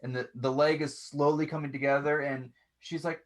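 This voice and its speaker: Man game master, halting narration, slightly high voice. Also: flat delivery. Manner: halting, full of restarts and fillers.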